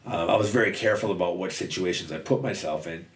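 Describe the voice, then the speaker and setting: A man with a very low voice talks quickly and candidly, dropping swear words freely in a casual chat. He sits a little back from the mic, so the sound is roomy. A faint noise runs underneath. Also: distant mic. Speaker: podcast guest. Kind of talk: casual conversation.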